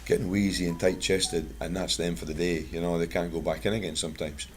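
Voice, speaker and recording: A man's voice: low voice, fairly even intonation, brisk, slight background noise. A Scottish man from Scotland giving a chatty, plain-spoken talk to a bird club, mixing product advice with anecdotes. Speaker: guest speaker at a bird club.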